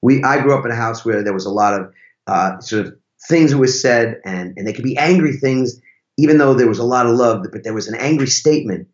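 A man speaking as a podcast guest in a relaxed, emphatic way, throwing out rhetorical questions. His voice sits in the middle range. The sound is roomy and slightly muffled. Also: mid-range voice, fairly quick. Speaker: podcast guest, relationship teacher. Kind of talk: casual conversational interview.

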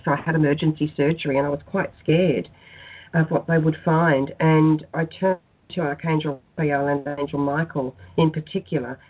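A woman guest in a spiritual radio interview, telling her personal story in an earnest, soft-spoken way. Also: low voice, breathy edge. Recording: tinny phone-line sound.

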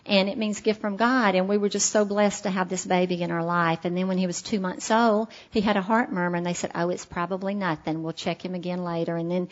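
A woman's voice: fairly low pitch, fairly even intonation, brisk, hardly any pauses, lo-fi sound. A middle-aged woman, earnestly telling a heartfelt personal recovery story at a meeting. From Alabama, USA. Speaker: speaker sharing her recovery story.

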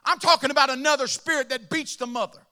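High, bright-voiced fiery male preacher. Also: steady tone, quick pace. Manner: impassioned, shouting at peaks, then dropping to a murmur. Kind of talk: sermon.

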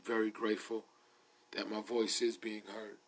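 A man hosting his podcast, ranting loudly and emphatically in a casual comedic way, repeating himself for effect. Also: on the low side, flat delivery, moderate pace, slightly rough. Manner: loud, emphatic, repetitive. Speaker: podcast host.

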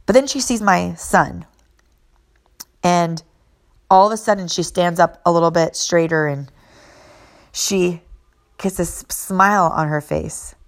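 A woman's voice: fairly low pitch, slow, pauses often. A woman speaking in an earnest, emphatic motivational monologue, driving points home by repeating phrases. She talks like a fitness and mindset coach sharing a personal story.

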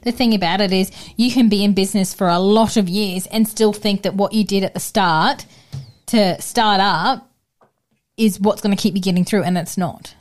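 A woman's voice: medium pitch, steady tone, moderate pace. A woman hosting a casual podcast conversation, candid and agreeable.

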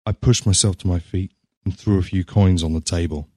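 A man reading a story aloud in a measured, grave narrating manner. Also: low voice, fairly even intonation, dark tone, dry recording, studio quality.

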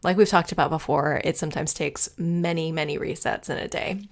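A woman co-hosting a casual podcast chat, agreeable and quick to affirm, sharing her week. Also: sits low, creaky. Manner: warm, agreeable, frequent affirmations. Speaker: podcast co-host.

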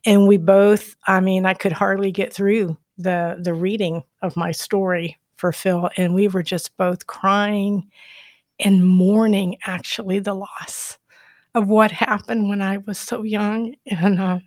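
A woman telling a personal faith story in a soft, emotional way, during a conversation. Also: mid-range voice, steady tone, measured pace, dry recording, clean studio sound.

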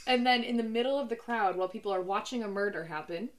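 A young woman co-hosting a podcast, chatting casually about movies with animated storytelling and frequent laughter. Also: medium pitch, fast talker. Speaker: podcast co-host. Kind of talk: casual movie-review chat.

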